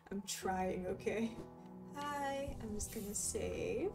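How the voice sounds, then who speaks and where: A woman with a fairly high, gravelly, slightly mellow voice takes her time as she giggles and chats with viewers during a video game stream, reacting to their messages. She sounds far from the mic, over game music.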